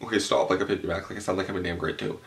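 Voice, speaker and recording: Racing through his words, a young adult vlogger from Canada tells a story from a room at home, a tablecloth hanging behind him. His fairly low, gravel-fried voice stays animated and chatty, loaded with swearing and filler words.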